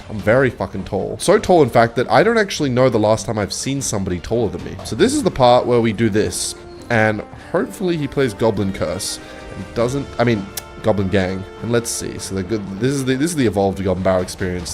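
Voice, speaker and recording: A young man tells a loose, swear-filled story while commenting on his game, often stopping and restarting his sentences. His voice sits on the low side. Faint music plays behind him. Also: a little mellow. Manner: rambling, swears a lot, self-interrupting. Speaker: gaming video creator. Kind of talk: casual storytelling over gameplay.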